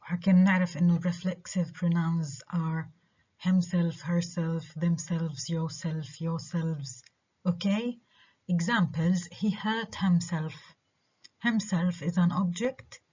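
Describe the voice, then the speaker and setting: A university lecturer, a native Arabic speaker with a Levantine Arabic accent, teaches English stress slowly, using repeated examples and regularly checking that students are following. Her voice is on the low side, warm, and slightly breathy, with fairly even intonation, in a dull lo-fi lecture recording.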